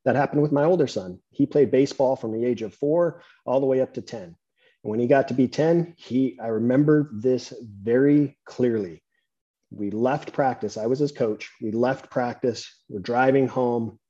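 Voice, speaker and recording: Middle-aged male host, husky and warm-toned, easy storyteller; slightly muffled lo-fi audio. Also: medium pitch, normal speed. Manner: relaxed storytelling, acts out dialogue. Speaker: podcast host. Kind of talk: conversational interview. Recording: dull lo-fi sound.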